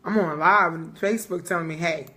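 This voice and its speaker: Woman, bright tone, young adult, casual live-stream co-host, joking, swears freely. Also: medium pitch, animated, a little slow. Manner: loose, joking, swears freely, laughs often. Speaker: podcast co-host.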